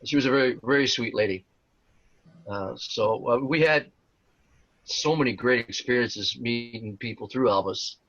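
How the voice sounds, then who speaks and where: A man's voice: mid-range voice, moderate pace, fairly bright tone, no echo. A man in his sixties, an interview guest telling stories in a rambling way with many fillers and restarts. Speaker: interview guest, tribute performer. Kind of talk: casual storytelling interview. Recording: dull lo-fi sound.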